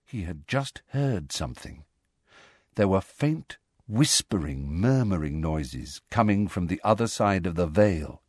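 A man with a lowish voice narrates a storybook, letting his pitch rise and fall widely as he tells the scene. The reading is close and dry, with no room around it. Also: animated, unhurried, darkish tone, no room sound. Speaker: audiobook narrator. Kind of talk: scripted narration.

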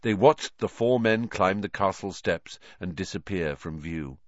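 A man reading a children's novel aloud as narrator, in an expressive, animated storytelling manner. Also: deep voice, unhurried, no echo, dull audio. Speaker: audiobook narrator.

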